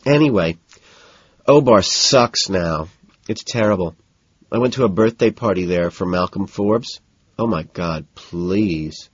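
A man's voice: sits low, measured pace, husky, no room sound. A man voicing a snobby, tipsy young socialite woman who talks in a bored, gossipy drawl, in a slightly muffled recording. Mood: bored, snobbish.

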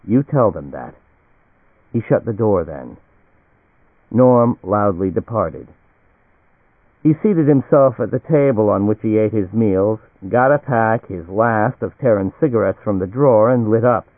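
A lowish-voiced male audiobook narrator reads from a novel with measured evenness. The audio is echo-free, dry and tinny, as if over a phone, for this scripted narration.

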